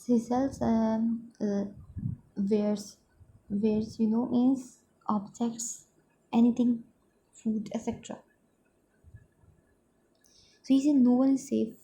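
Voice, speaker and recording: A woman teacher talks through a lesson for young pupils. Her voice is fairly high, with a gravelly fry and a dark, mellow tone. She pauses to find words as she explains simply what each one means. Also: flat delivery, low-quality recording.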